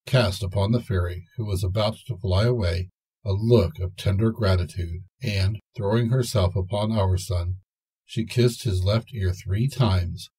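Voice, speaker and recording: An older man telling a fairy tale slowly and gently. His voice is low, mellow and slightly husky, with a soft unhurried delivery. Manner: slow, gentle. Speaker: storyteller.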